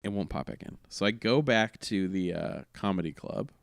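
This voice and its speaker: The man speaks in a smooth, clear voice that sits at an ordinary pitch. He tells his story casually, in a rambling way, and keeps restarting his sentences. The sound is close and dry, with no room around it. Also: animated, moderate pace, no room sound. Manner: rambling, self-correcting, laughing through the story. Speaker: comedian guest.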